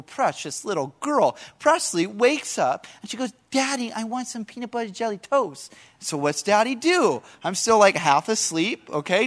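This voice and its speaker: A man preaching a sermon to a congregation, telling animated stories and asking the listeners questions. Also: high voice. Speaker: pastor.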